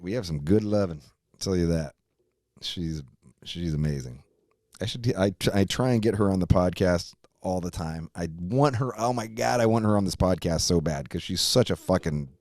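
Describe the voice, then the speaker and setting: A deep-voiced man in his fifties hosts a podcast and tells a rambling personal story, full of swearing and frequent laughter. The sound is dry and close, with no room around it. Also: a little mellow, no room sound. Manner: rambling, profane, laughs often. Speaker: podcast host. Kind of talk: casual storytelling chat.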